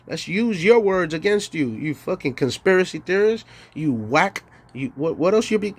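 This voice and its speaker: A man's voice: fairly high pitch, expressive, normal speed, breathy edge. A man ranting on a livestream, heated and profane, laughing between lines. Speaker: livestream host.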